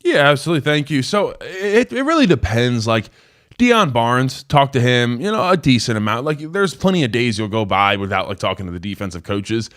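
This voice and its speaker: A man's voice: medium pitch, sing-song, a little fast, a bit bright. Man, 20s, former player turned show host; casual, rambling delivery full of fillers. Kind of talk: live call-in sports talk.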